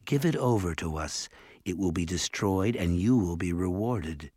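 A man's voice: low-pitched, lively intonation, a little mellow, slightly rough, dry recording, clean studio sound. A man doing a proud, formal female elf. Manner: measured and formal. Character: cold, proud female elf, green-eyed. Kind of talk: audiobook character voice.

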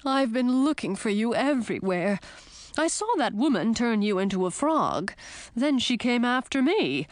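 A woman's voice: on the high side, very animated, moderate pace, no room sound. A woman voicing a loyal, fretful male royal horse who talks in an earnest, rambling way. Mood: relieved, pleading.

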